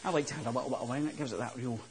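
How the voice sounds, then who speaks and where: A man's voice: mid-range voice, very fast, crowd noise. A man working as a chef, patiently explaining a recipe step by step in a studio kitchen. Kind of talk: cooking demonstration.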